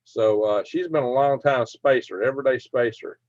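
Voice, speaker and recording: A man's voice: medium pitch, moderate pace, a little mellow, dry recording. A middle-aged man hosting a casual livestream, reading viewer comments aloud in a folksy, chuckling way. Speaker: livestream host. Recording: dull lo-fi dry sound.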